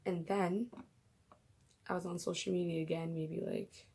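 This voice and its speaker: A woman's voice: fairly low pitch, fairly even intonation, a little slow, vocal fry, mellow, breathy edge. A young woman vlogging casually about her faith, emotional and gushing, often dropping into whispers.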